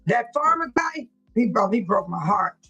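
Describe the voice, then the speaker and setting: A woman's voice: a little high, big pitch swings, normal speed, a bit bright, husky, soft background music, poor audio. A woman hosting a livestream, reacting to clips with casual, emotional commentary and talking straight to her viewers. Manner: emotional, repeats herself, talks straight to viewers. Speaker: livestream host.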